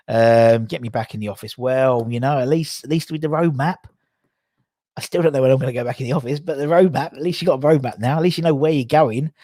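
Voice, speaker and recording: A man's voice: medium pitch, a little mellow, no echo. A man, chatting casually on a livestream, rambling and self-correcting as he reads out viewer comments. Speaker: livestream host.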